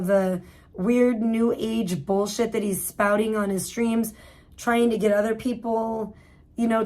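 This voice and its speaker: Blunt, profane woman streamer. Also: a little high. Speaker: livestream host. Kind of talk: casual livestream commentary.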